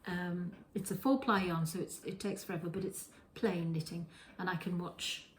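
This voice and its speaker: This knitting podcaster speaks in a lowish, steady voice at a moderate pace, rambling casually through show-and-tell in her home kitchen with frequent restarts and self-corrections. The low-quality audio is roomy with faint hiss or hum.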